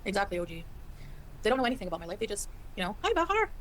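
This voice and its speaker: A woman's voice: mid-range voice, a little hiss or hum. A woman in her forties, from Canada, talking casually on a livestream, reading out chat comments and ranting about her critics. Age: 40s. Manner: rapid, chatty, laughing, exasperated rants.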